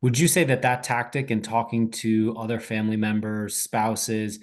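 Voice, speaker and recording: Low-voiced man asking halting questions. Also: little pitch movement, darkish tone. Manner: halting, rephrases his questions. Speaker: host. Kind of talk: webinar discussion.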